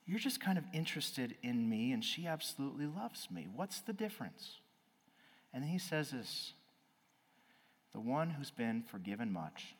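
A man preaching a sermon, swinging from loud exclaiming to quiet, earnest speech. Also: mid-range voice, slightly rough. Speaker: pastor. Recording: reverberant hall.

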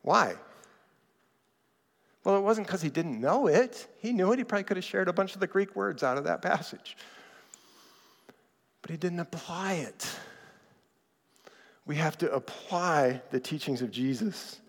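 A man's voice: high voice, unhurried, long pauses. Conversational male pastor in an echoing hall. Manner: conversational and animated, acting out quotes. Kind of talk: sermon. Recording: reverberant hall.

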